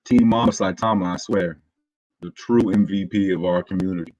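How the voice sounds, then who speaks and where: A man hosting a casual livestream, greeting his chat with hype and friendly shout-outs before talking loosely through a walkthrough in his morning voice. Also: deep voice, steady tone, normal speed, no room sound, lo-fi sound. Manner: laid-back, loose and rambling. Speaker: crypto livestream host.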